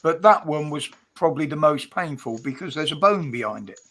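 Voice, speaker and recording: A man's voice: fairly high pitch, animated, a little fast, a bit bright. A man chatting casually on a livestream, blunt and swearing freely, laughing often. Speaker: livestream host. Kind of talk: casual chat.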